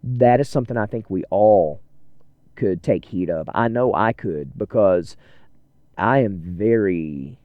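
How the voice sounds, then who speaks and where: With a lowish, lively voice at a measured pace, this man hosts a podcast while driving, talking casually and earnestly. He rambles and jokes about himself, and the dry recording has phone-quality sound.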